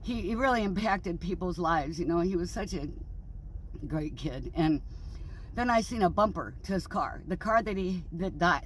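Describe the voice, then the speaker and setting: A woman's voice: lowish voice, slight background noise. A middle-aged woman in a casual vlog monologue, grieving and angry, rambling bluntly and swearing freely. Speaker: vlogger.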